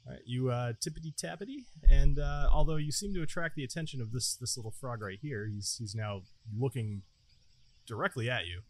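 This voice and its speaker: A man narrating as game master of a tabletop game, relaxed and chatty, laughing often. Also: mid-range voice, brisk, slight background noise.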